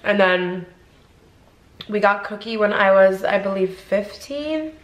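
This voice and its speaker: Young woman vlogger from Ohio, chatty and rambling, mid-pitched, recorded in an echoey car. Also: animated, slow pace. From Ohio, USA. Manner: chatty, rambling with many fillers. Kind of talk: casual mukbang chat. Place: inside a car.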